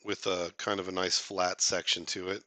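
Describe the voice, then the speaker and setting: A man's voice: low voice, flat delivery, normal speed, sharp tone, no echo. A man hosting a casual live stream, chatting with viewers in a rambling, joking way, full of fillers and restarts.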